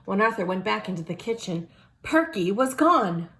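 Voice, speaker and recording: A woman's voice: mid-range voice, sing-song, normal speed. A woman reading a children's picture book aloud, adding small lessons for young listeners. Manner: warm, lesson-minded aside to children. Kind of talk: children's story read-aloud.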